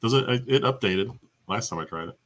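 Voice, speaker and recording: A man's voice: fairly low pitch, expressive, brisk, a bit bright. A man co-hosting a casual gaming chat show, telling stories and laughing often.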